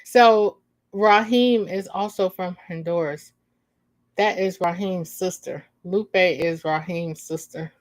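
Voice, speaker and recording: A woman reading her own story aloud on a livestream, stopping often to laugh and chat with viewers in slang. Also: on the low side. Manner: slow reading broken by laughing asides to chat; uses slang, says y'all. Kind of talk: casual live story reading.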